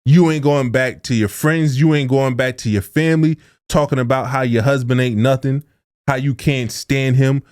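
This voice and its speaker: A man's voice: mid-range voice, fairly even intonation, moderate pace, a little mellow, clear, resonant tone. Young adult man, podcast co-host; earnest, informal, a touch preachy. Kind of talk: casual podcast talk.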